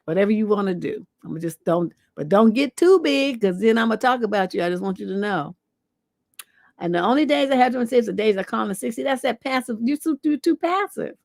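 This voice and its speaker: A woman's voice: a little high, expressive, fairly quick, vocal fry, a little mellow, dry recording, studio quality. A woman hosting a livestream advice show as a relationship coach, giving blunt, profane, scolding advice.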